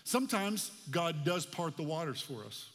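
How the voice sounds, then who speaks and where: A man's voice: fairly high pitch, big pitch swings, normal speed, fairly bright tone, big-room sound. A man in his forties from the United States, preaching a sermon as pastor in a conversational, folksy way with casual asides.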